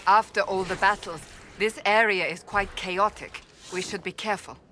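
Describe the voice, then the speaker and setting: A woman voicing a cautious female soldier companion in a fantasy game, speaking in a calm, measured, formal way. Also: mid-range voice, slight background noise, close to an everyday voice. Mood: wary.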